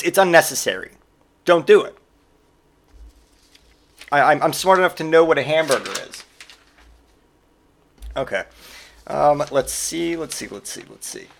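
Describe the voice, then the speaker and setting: A man's voice: fairly high pitch, fairly bright tone. A man in his forties hosting a podcast, delivering a sarcastic, profane comedic rant in casual monologue. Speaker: podcast host.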